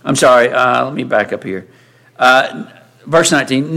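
A man's voice: medium pitch, normal speed, gravelly, bright, forceful tone. A man preaching a sermon in a conversational way, often asking his listeners rhetorical questions.

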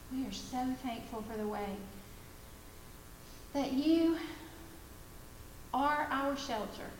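A woman's voice: a little high, a little hiss or hum. A middle-aged woman giving an earnest devotional talk and prayer to a women's gathering, swelling her emphasis on key phrases. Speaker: women's ministry speaker. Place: room with women listeners. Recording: echoey hall, faint ambience.

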